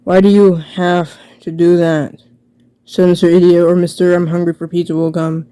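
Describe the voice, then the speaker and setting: A woman's voice: on the low side, little pitch movement, warm tone, clean tone, dry recording. Sarcastic woman mocking her old writing. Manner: mocking, sarcastic, jokey asides; quick rambling restarts. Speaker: video creator reviewing her own old book. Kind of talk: casual commentary reading aloud.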